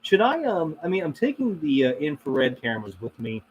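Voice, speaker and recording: A man's voice: a little high, big pitch swings, normal speed, lo-fi sound, a little hiss or hum. A man hosting a casual live stream, reading and answering chat, rambling with many fillers and frequent laughs. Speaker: paranormal channel host reading live chat.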